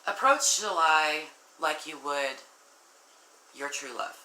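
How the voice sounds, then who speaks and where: Low-voiced woman giving an earnest tarot reading. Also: animated, slow, roomy sound, low-quality recording. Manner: earnest, warm-hearted, addresses viewers directly, emotional. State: tearful at times. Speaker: tarot reader. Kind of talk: casual tarot reading to viewers.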